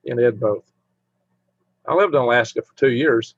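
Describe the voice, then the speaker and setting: On a laid-back live stream, this man chats and rambles to his viewers, humming under his breath while he browses. He speaks at a moderate pace in a medium pitch, and the recording is dry, with a dull lo-fi mic quality.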